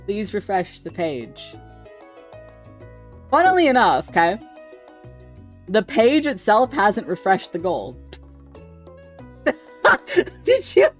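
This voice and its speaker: A man's voice: sits high, huge pitch swings, slow pace, long pauses, faint music behind. A man streaming live, chatting casually with viewers in a rambling way, laughing often and swearing freely.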